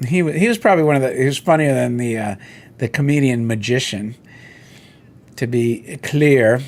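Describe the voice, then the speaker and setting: A middle-aged host chats casually on his own, rambling through animated stories with quoted voices as he browses toy listings. He speaks at a normal speed with a medium-pitched voice.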